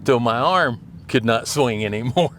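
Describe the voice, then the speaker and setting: A deadpan older goat farmer, as a man tells it. He delivers everything flatly and matter-of-factly, in a plain voice close to the storyteller's own. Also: mid-range voice, normal speed, slight background noise, natural voice.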